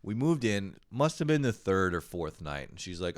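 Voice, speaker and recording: Young man, deep voice, lively casual storyteller, swears freely, dry close recording. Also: fairly quick, few pauses, no echo. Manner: animated storytelling with exasperated yelps; frequent swearing. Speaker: host. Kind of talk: casual comedic monologue.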